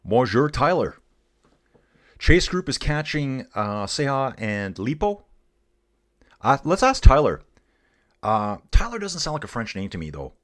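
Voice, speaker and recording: A middle-aged man from Canada hosting a live cycling stream, chatting casually and excitedly with viewers while commenting on the race. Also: mid-range voice, measured pace.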